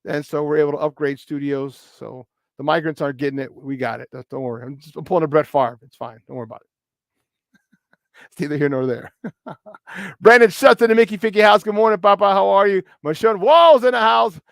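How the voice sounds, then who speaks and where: Male sports talk host with a Chicago accent, high voice, bouncy slang-heavy delivery, dry close sound. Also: fairly quick, gravelly, dry recording. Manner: energetic, playful shout-outs, slangy. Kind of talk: hyped morning sports talk.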